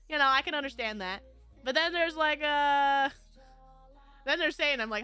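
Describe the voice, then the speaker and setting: Giggly woman streamer, high bright voice, casual chat, faint music behind. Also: fast. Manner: giggly, laughs often. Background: faint background music.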